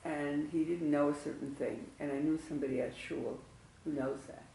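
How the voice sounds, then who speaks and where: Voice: mid-range voice, steady tone, normal speed, creaky, warm tone, slight background noise. A congregant sharing a personal story during a class, speaking in an earnest, reflective way. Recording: distant mic in a very echoey room with faint ambience.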